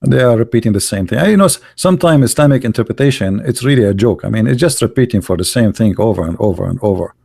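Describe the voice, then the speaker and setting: A man giving combative religious commentary while reading from texts, mocking and arguing, often pausing with fillers as he hunts for pages. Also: fairly low pitch, animated, gravelly, warm tone, husky, no echo. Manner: mocking, insulting and argumentative; halting, with many fillers while searching pages.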